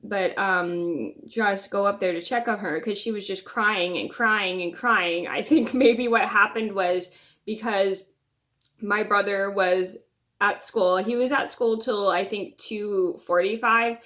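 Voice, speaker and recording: A woman's voice: mid-range voice, steady tone, slow pace, fairly bright tone. A young woman vlogger telling a personal story in a casual, rambling way, often restarting and repeating words.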